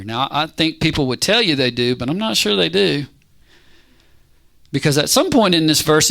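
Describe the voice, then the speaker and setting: Animated gravelly male preacher. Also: a little high. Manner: animated, conversational, keeps asking "right?". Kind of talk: casual sermon teaching.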